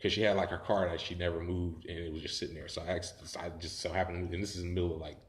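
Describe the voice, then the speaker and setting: A man's voice: sits low, little pitch movement, fast, echoey room, slight background noise. A man telling a story in casual, profane talk, rambling and laughing as he goes.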